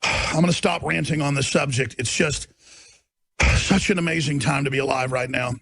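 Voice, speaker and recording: A radio host, a man, rants with preachy fervor, often building into shouting. His voice sits fairly high with a heavy gravelly rasp. The sound is dry and close. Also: normal speed, no room sound. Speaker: radio talk show host. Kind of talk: impassioned on-air rant.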